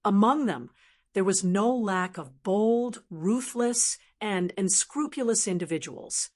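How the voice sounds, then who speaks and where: Woman narrating an audiobook, steady. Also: mid-range voice, slow pace. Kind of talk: scripted narration.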